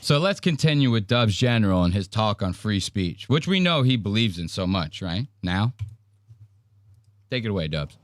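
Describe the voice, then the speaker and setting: A man hosting a casual commentary podcast, ranting loudly and mocking with a lot of profanity. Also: lowish voice, very animated, moderate pace. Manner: loud, profane, mocking rants. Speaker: podcast host.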